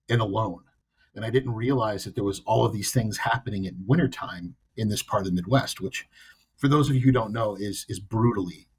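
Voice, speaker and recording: A man's voice: on the low side, slightly rough. A man from the US East Coast co-hosting a podcast, telling a story in a blunt, wry, self-deprecating way. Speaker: podcast co-host. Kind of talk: casual chat.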